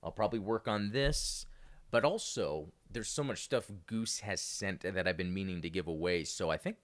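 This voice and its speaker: A man's voice: low-pitched, moderate pace. A man hosting a casual live-streamed podcast, rambling with many fillers and restarts. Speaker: podcast host.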